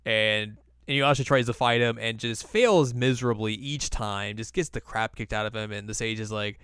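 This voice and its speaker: A man's voice: fairly low pitch, a bit bright, clean tone, no room sound, studio quality. A young man co-hosting a podcast, casually recapping an anime episode in a rambling, jokey way. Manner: rambling, jokey retelling with quick put-on voices. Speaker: podcast co-host.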